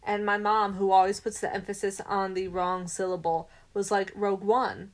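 A woman's voice: mid-range voice, flat delivery, moderate pace. Playful rambling woman co-host. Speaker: podcast co-host. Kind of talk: casual movie podcast chat.

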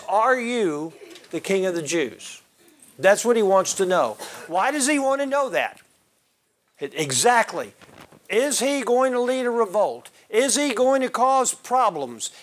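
A man with a high, somewhat bright voice teaches a Bible class. He quizzes his listeners and calls on members by name.

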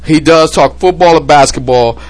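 A man's voice: on the high side, normal speed. A man hosting a sports podcast, ranting loosely and profanely with whiskey on hand, drifting into impressions. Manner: animated, profane, ranting, mimics people. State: drinking whiskey. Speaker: podcast host. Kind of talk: casual sports chat.

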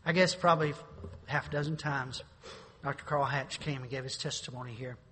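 A middle-aged pastor preaching a sermon, building to sudden shouted climaxes. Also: male voice, mid-range voice, steady tone, fairly quick, a little hiss or hum. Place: church sanctuary. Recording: reverberant church sanctuary.

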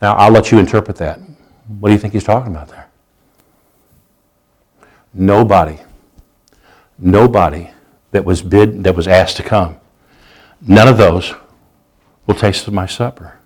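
A man preaching a sermon, reading scripture aloud in a raised, slowed voice and then dropping into low, conversational asides, often repeating himself. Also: poor audio. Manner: repeats and restarts words while preaching. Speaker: pastor.

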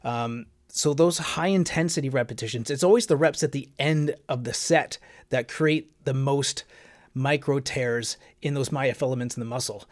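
A man's voice: mid-range voice, normal speed. A man hosting a fitness podcast, explaining training methods step by step in a casual way, with frequent "um" and "right?". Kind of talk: casual instructional talk.

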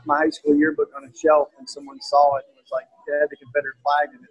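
A man from East Tennessee, a guest in an interview, talking earnestly and haltingly with many restarts. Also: on the high side, lively intonation, slightly rough, low-quality recording. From East Tennessee, USA. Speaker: guest author. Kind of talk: casual conversational interview.

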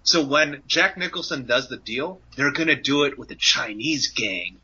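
A man's voice: mid-range voice, expressive, moderate pace, sharp tone, slightly rough. A man co-hosting a podcast, ranting with lots of swearing and sarcastic mock quotes. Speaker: podcast co-host. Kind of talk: casual podcast rant. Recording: dull lo-fi podcast audio.

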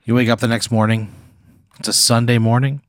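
A man telling an improvised comic story in the second person, in a deadpan, rambling way. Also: medium pitch, a little fast, dry recording, studio quality.

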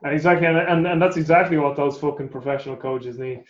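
An Irish man hosts a casual interview, chatty and quick to swear, often stammering into repeated words. His voice sits a bit high. The sound is roomy and somewhat dull, like a remote call. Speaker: podcast host.

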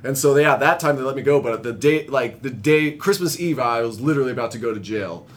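A young man telling rambling, profane stories in casual chat, laughing often and growing animated as he retells them. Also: fairly quick. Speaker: guest telling recovery stories. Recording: faint low rumble.

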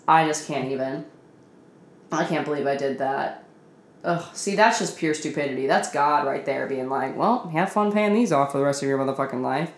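A woman's voice: fairly low pitch, a bit bright, echoey room. A woman in her twenties ranting in a casual, self-deprecating vlog, swearing often and laughing at herself, sounding tired, at home in her apartment. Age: 20s. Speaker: vlogger. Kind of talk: casual confessional rant.

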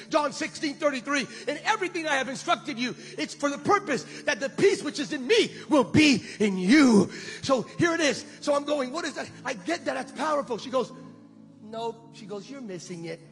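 Man, pastor, sermon, very high voice, shouting exhortations, music behind, long reverb. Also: normal speed, few pauses. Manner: animated storytelling, building to shouting exhortation.

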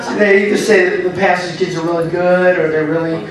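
A man's voice: high voice, fairly even intonation, fairly quick, recorded from a distance, crowd noise. A man preaching a sermon as pastor, telling a story with laughs and calling to the congregation. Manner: storytelling with laughs, call-and-response. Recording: roomy echo, from the mic.

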